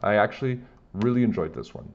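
A man reading a children's chapter book aloud with plain, steady storytelling. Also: on the low side, fast, muffled recording.

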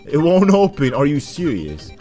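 A man's voice: a little high, moderate pace, faint music behind. A man casually commenting as he plays a video game and voices its characters. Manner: casual, lively, says dude a lot. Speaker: gaming video host. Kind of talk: casual let's play commentary.

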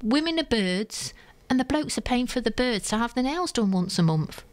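A woman's voice: a little high, normal speed. Storytelling woman on radio. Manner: animated storyteller, acts out quotes. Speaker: radio co-host. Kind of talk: casual radio chat.

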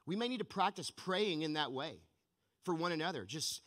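A man's voice: fairly high pitch, animated, moderate pace, fairly bright tone. A man preaching a sermon as pastor, telling stories with energy in a church sanctuary. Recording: long reverb of a large church hall.

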